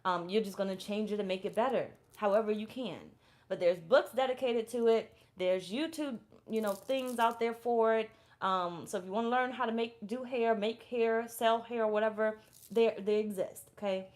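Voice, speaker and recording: A woman's voice: fairly high pitch, normal speed. A young woman from Florida giving a casual tarot reading, talking bluntly with lots of swearing and repetition. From Florida, USA. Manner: blunt, profane, repetitive storytelling. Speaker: tarot reader.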